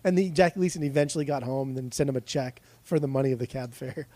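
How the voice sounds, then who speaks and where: A man's voice: medium pitch, fast talker, warm tone. A man chatting casually about records, telling rambling stories, swearing easily and laughing often. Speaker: podcast co-host.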